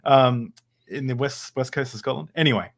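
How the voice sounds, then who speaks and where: A man's voice: mid-range voice, moderate pace, vocal fry. A man hosting a podcast interview, chatting casually, laughing often and stopping on fillers. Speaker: podcast host.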